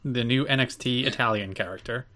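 A man co-hosting a podcast with a mid-range voice, neither high nor low. He keeps up a casual back-and-forth full of dry, teasing remarks aimed at his co-host. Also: a little fast, bright, forceful tone. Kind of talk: casual chat.

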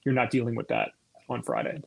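A man's voice: medium pitch, fairly quick, creaky, slight background noise. A man in a casual sports chat, hedging his hopes, heard over a distant remote line.

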